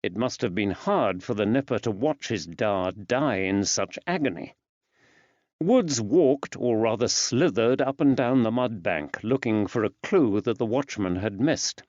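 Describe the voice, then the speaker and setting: A man narrating an audiobook in a measured, even storytelling delivery. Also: lowish voice, no echo. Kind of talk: scripted narration. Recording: dull dry studio sound.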